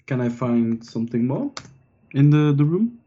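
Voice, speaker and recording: A man's voice: mid-range voice, sing-song, normal speed, mellow, lo-fi sound. A man playing in a tabletop game, casual and playful, often repeating words. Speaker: player.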